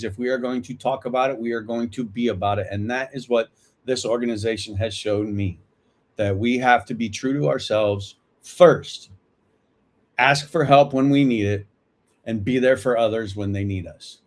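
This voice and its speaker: A man's voice: medium pitch, fairly even intonation, normal speed. A man in his fifties hosting a live talk, earnest and reflective, often checking in with "right?". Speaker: host of a veterans support livestream.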